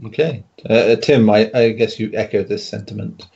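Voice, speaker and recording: A man's voice: fairly low pitch, steady tone, normal speed, a little mellow. A man hosting a casual podcast debate, chairing with frequent laughs and hesitant fillers. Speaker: debate host. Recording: muffled lo-fi stream audio.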